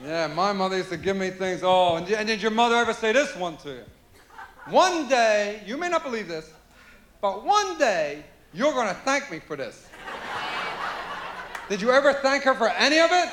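A man's voice: high voice, lively intonation, a little fast. A male stand-up comedian performing a routine on a live stage, firing rhetorical questions at the audience. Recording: echoey live venue with crowd noise.

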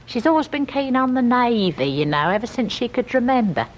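A middle-aged woman spins a comic yarn in a gossipy, deadpan manner. Her pitch leaps about a great deal as she talks. She sounds like a chatty working-class storyteller. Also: fairly quick, slight background noise. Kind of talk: comic monologue.

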